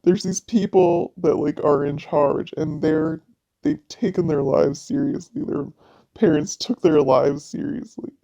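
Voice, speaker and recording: A woman's voice: low-pitched, big pitch swings, unhurried, warm tone. A woman in a personal vlog monologue, venting in a raw, profane way. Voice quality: gravelly vocal fry. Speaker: vlogger. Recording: dull lo-fi audio.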